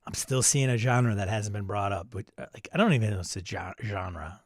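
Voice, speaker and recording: A man's voice: lowish voice, a little fast, dry recording, studio quality. A man hosting a live stream, casually reading viewer comments aloud and riffing on them with chuckles. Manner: reads chat messages aloud, chuckling and riffing. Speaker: host of a live stream show.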